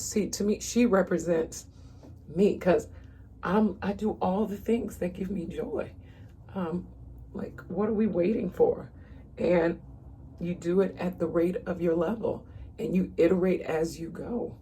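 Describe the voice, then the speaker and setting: A chatty woman in her thirties talks straight to the camera as she does her makeup, calling viewers "y'all" in a loose, easygoing way. Her voice sits on the low side, and faint room noise hums behind her. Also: fairly even intonation, unhurried, dark tone. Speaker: makeup vlogger. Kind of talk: casual makeup tutorial chat.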